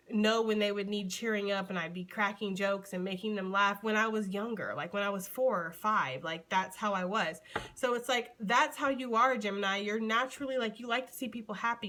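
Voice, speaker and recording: An American woman giving a casual tarot reading to her viewers, chatty and animated, calling listeners honey and sweetie. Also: medium pitch. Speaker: tarot reader.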